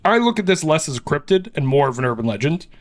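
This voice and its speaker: A man hosting a podcast, his voice sitting a touch high. He retells an urban legend in loose, animated chat, swearing and laughing often. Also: fast talker. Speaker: podcast host. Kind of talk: casual storytelling chat.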